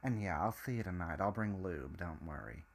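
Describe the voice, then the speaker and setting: A man's voice: low voice, animated, brisk, vocal fry, heavily acted. A man playing a sarcastic young hotel worker. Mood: dry. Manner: dry, sarcastic.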